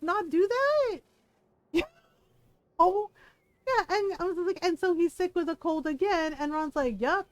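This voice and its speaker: A middle-aged woman streamer telling a story in casual chat, animated and profane, laughing as she talks. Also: very high-pitched, no echo, poor audio. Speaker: live streamer.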